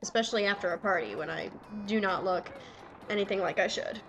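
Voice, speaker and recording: A young woman swearing and yelling excitedly at the game she plays while commenting. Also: mid-range voice, fairly quick. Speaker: let's player. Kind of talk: casual gameplay commentary.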